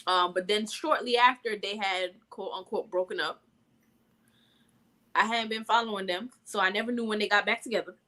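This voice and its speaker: A woman's voice: mid-range voice, normal speed. A woman co-hosting a podcast, telling stories in loose, slangy, casual chat. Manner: loose slangy storytelling, animated gossip. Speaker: podcast co-host.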